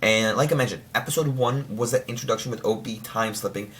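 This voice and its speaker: A man's voice: medium pitch, quick pace, a little hiss or hum. A young man in casual chat, reviewing a TV show with lots of restarts and fillers, now and then breaking into mock voices. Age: young adult. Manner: rambling, many restarts and filler words; excitable, slips into mock voices.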